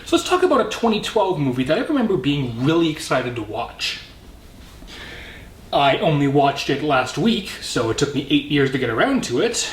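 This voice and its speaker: A man's voice: fairly high pitch, sing-song, moderate pace, roomy sound, slight background noise. A man from Canada hosting a casual movie review, rambling and correcting himself with jokey asides.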